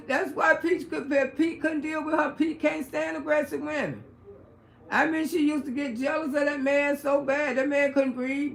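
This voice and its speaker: A brash middle-aged woman spins profane stories on her livestream, her voice pitched high and her outbursts loud. She talks casually to her viewers, and her voice rings around a roomy, echoey space. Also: vocal fry. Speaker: livestream host.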